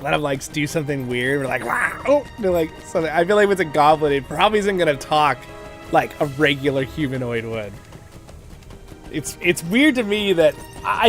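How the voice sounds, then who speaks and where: Chatty, rambling male gaming streamer. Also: fairly high pitch. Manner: rambling, filler-heavy, laughs often. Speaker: host of a gaming livestream. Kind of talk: casual livestream commentary.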